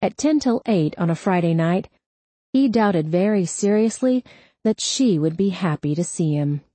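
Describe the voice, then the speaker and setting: Slow, measured woman audiobook narrator. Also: lowish voice, animated, mellow, dry recording. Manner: measured, unhurried delivery.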